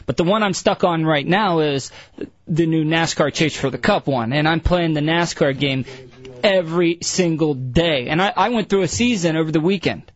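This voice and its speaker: A man's voice: fairly high pitch, moderate pace, no room sound. A man co-hosting a radio show, chatting casually and eagerly defending his favorite hobby. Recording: dull lo-fi radio recording.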